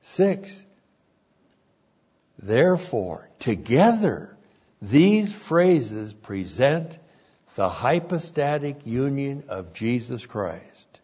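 Slow, husky-voiced preacher man. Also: medium pitch, very animated, warm tone, highs cut off. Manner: slow, deliberate, repeats each point for emphasis. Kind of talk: expository sermon.

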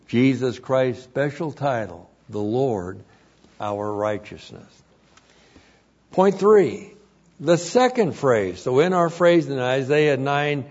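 A man delivers an expository sermon at an unhurried, measured pace, repeating each point for weight. His voice is slightly husky and swings widely in pitch, and the recording sounds muffled and lo-fi. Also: darkish tone. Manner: slow, deliberate, repeats each point for emphasis. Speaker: preacher.

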